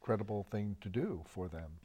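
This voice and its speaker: A man's voice: lowish voice, fairly quick, dark tone, slightly rough. A man in casual conversation, chiming in with curious questions and comments. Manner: interjecting, curious. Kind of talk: casual chat.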